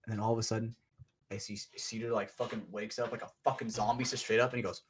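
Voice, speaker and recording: Guy on a podcast telling a wild story, swears a lot, acts out the quotes loud. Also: on the low side, fast talker, slight background noise. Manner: profane, animated storyteller who acts out quotes loudly. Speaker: podcast co-host, paintball player. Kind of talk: casual storytelling chat.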